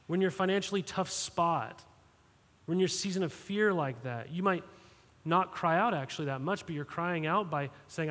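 A man's voice: on the high side, normal speed, fairly bright tone. A male pastor giving a sermon, talking straight to the congregation and often checking in with "right?". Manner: direct, questioning, repeats "right?" to the congregation. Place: church sanctuary. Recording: long hall reverb.

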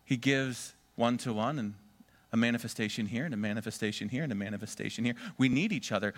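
A man's voice: mid-range voice, fast talker. Emphatic male pastor preaching. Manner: emphatic, swings between loud stresses and quiet asides; leads congregation in call-and-response repetition. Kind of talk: sermon.

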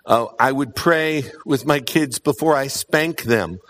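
A man's voice: mid-range voice, measured pace, a bit bright. Earnest man preaching with emphatic repetition. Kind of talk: sermon.

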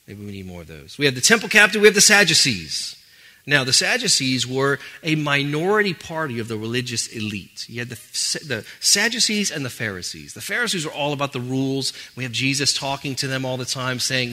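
A man preaching a sermon as pastor, conversational with animated asides. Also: medium pitch, brisk.

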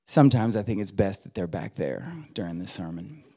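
A man's voice: sits low, lively intonation, brisk, dark tone, breathy edge. Folksy preacher man. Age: middle-aged. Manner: folksy, humorous, building to emphatic exhortation. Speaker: guest preacher. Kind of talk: sermon. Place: church sanctuary.

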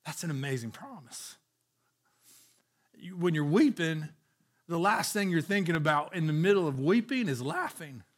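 A man's voice: on the high side, animated, normal speed, long pauses. A man preaching a sermon, earnestly reading scripture aloud with frequent restarts. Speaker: pastor.

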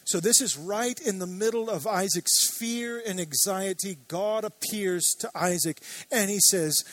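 A man's voice: high-pitched, normal speed, few pauses, a bit bright, dry recording. A man preaching a sermon as pastor, earnest and building to emphatic declarations.

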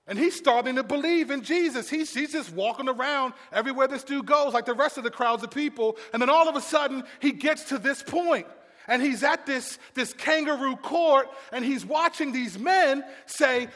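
A man preaching a sermon to a congregation, moving between hushed passages and shouted storytelling. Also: extremely high pitch, normal speed, long reverb tail. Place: large room with congregation.

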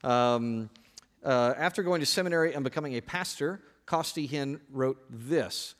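A male pastor preaching a sermon to his congregation from a church stage, joking and lively, often restarting his sentences. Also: mid-range voice, measured pace.

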